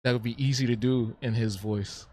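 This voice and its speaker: A man's voice: mid-range voice, steady tone, moderate pace, darkish tone. Playful man chatting on a live stream. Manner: playful, talks back to the chat, repeats himself. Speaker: streamer and artist. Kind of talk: casual live-stream chat.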